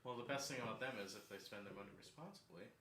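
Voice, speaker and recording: A man's voice: mid-range voice, rapid-fire, bright, forceful tone, a little hiss or hum. A man in his thirties co-hosting a podcast, rattling off rambling anecdotes in casual banter. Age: 30s. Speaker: podcast co-host. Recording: echoey room.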